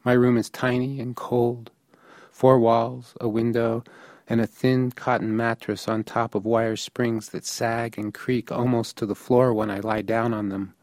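A man's voice: mid-range voice, darkish tone, no echo, clean studio sound. A man from the United States narrating a first-person story in a matter-of-fact, observational way.

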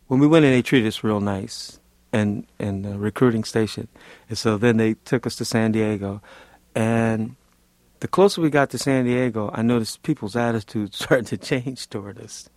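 A man's voice: on the low side, moderate pace, darkish tone, no echo. Man from Louisiana recounting his war days. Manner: rambling and vivid, peppered with "like" and "you know". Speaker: Vietnam veteran, former Marine. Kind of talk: casual storytelling interview.

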